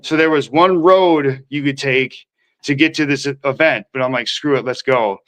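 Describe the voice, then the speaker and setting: In this casual storytelling, the Minnesota podcast guest rambles through his recovery with slang and acted-out quotes. He speaks at a normal speed in a mid-range, fairly bright voice, captured in a low-quality recording.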